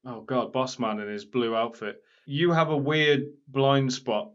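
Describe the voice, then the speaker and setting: A man's voice: mid-range voice, steady tone, a little slow. A man co-hosting a podcast in casual chat, chatty and fond of quizzing his co-host. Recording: dull lo-fi podcast audio.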